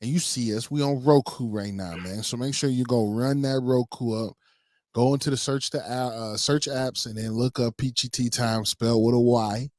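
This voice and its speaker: A man's voice: medium pitch, fairly even intonation, moderate pace, darkish tone, dry recording, clean studio sound. A man co-hosting a casual livestream talk show, easygoing and a little rambling. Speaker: co-host.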